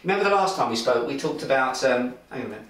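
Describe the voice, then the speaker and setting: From his home kitchen, a beer vlog host with a medium-pitched, slightly bright voice chats in a rapid-fire, lively, jokey way, rambling with lots of restarts. The mic is distant and the kitchen echoes.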